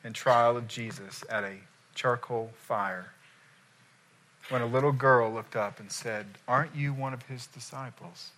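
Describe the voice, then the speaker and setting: Male preacher, bright forward voice, acts out scenes as he tells them. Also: mid-range voice. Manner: animated storytelling, acting out quoted voices. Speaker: pastor. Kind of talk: sermon.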